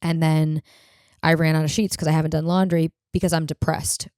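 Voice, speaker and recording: A woman's voice: deep voice, level tone, fairly quick, a little mellow, clean tone, no room sound, clean studio sound. A woman hosting a podcast, telling rambling comic stories in a blunt, profane, casual way. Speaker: podcast host. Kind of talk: casual comedic monologue.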